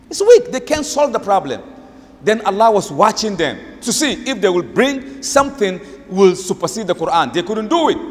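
A male preacher giving an emphatic sermon, repeating key phrases and reciting verses rapidly. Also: high-pitched. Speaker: Islamic preacher. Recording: echoey hall.

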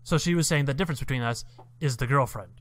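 A man's voice: mid-range voice, fast. A man co-hosting a casual podcast chat, telling stories in a wry, teasing way. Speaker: podcast co-host.

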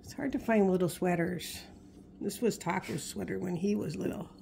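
A woman's voice: fairly low pitch, moderate pace, creaky, warm tone, a little hiss or hum. A woman vlogging as a pet owner, chatting casually to her puppy in gushing baby talk.

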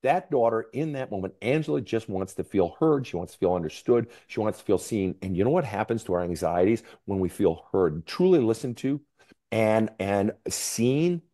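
A man's voice: lowish voice, expressive, normal speed, mellow. A man, a counselor and author, speaking candidly as a podcast guest, emphatic and profane, his voice climbing when he gets worked up. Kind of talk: candid interview storytelling.

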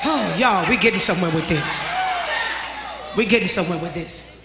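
A woman preacher delivering a fervent sermon, shouting with repeated words and stammered restarts. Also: on the low side, normal speed, crowd noise, background noise. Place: large church sanctuary. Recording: echoey church hall with organ music and congregation. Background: organ music and responding congregation.

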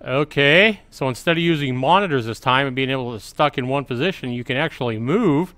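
A man's voice: medium pitch, a little fast, a bit bright, dry recording. A middle-aged man giving casual let's-play commentary at home, chatty and reading game prompts aloud. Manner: chatty, reads on-screen game text aloud. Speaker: gaming channel host.

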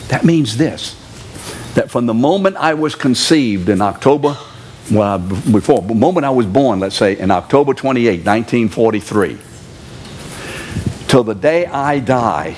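A man's voice: mid-range voice, animated, unhurried, darkish tone, slight background noise. A man in his seventies preaching a sermon in a church, driving his point home by repeating key words and throwing questions at the congregation. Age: 70s.

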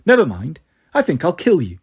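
A man's voice: on the high side, huge pitch swings, a little fast, slightly rough, exaggerated voice. A man voicing a proud, cold woman warrior queen in a storybook reading, commanding and icy.

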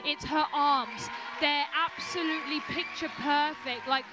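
A woman's voice: high voice, fairly even intonation, a little slow, background noise. A woman giving gushing, emphatic backstage commentary on a dance show, often talking over her co-host.

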